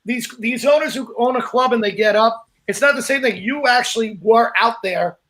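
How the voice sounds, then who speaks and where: A man's voice: very high-pitched, normal speed, fairly bright tone. A man, a comedian co-hosting a podcast, talking in an earnest, casual way. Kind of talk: casual chat.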